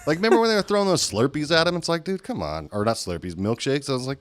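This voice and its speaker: Male podcast co-host, mid-pitched, expressive and profane, dry close sound. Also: fast, dry recording. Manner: profane, opinionated riffing. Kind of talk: casual chat.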